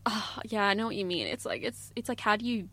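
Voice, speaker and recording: A woman's voice: medium pitch, sing-song, quick pace, sharp tone, dry recording. A young woman co-hosting a podcast, chatting casually and rambling through stories with quoted asides. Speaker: podcast co-host. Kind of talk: casual chat.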